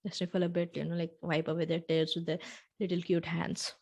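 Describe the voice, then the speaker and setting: A woman with a slightly low voice hosts a reflective storytelling podcast. She walks the listener through a scene in the second person, unhurried and with gentle asides. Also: flat delivery. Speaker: podcast host.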